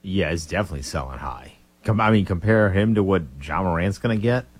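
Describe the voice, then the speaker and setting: A man's voice: sits low, a little fast. A man co-hosting a sports talk radio show in a laid-back, agreeable way. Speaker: radio co-host.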